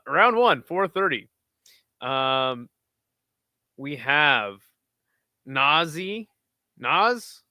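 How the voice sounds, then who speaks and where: A man's voice: fairly high pitch, bright, forceful tone, clean tone, no room sound, studio quality. A man hosting a casual livestream, bantering with chat in a profane, joking way. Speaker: livestream host.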